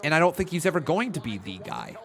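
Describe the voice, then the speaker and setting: A man hosting a casual live stream, reacting to the action, calling moves and counting along excitedly. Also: on the high side, fast talker. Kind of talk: casual watch-along commentary.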